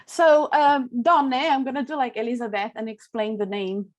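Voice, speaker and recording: A woman's voice: fairly high pitch, steady tone, normal speed. A woman from Brazil, a soprano speaking chattily on an online panel over a video call.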